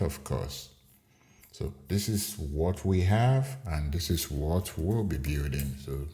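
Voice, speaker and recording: A man hosting a screen-recorded coding tutorial, explaining each step in an unhurried way with fillers. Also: very deep voice, a little mellow. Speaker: programming tutorial host.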